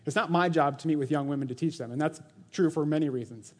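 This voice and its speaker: A man's voice: on the high side, fast talker. A man in his thirties preaching a sermon, earnest and exhorting, slipping into mocking quoted voices. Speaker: pastor.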